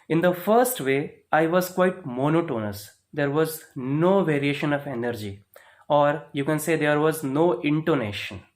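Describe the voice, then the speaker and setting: A man teaching a spoken lesson, explaining step by step and checking in with "right?" and "okay?". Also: a little high. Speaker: English speaking teacher.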